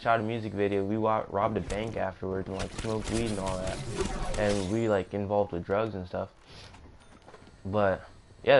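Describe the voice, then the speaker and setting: A man's voice: on the low side, a little hiss or hum. Young man telling a rambling story. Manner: rambling, self-correcting, joking asides. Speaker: gaming streamer. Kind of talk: casual storytime narration.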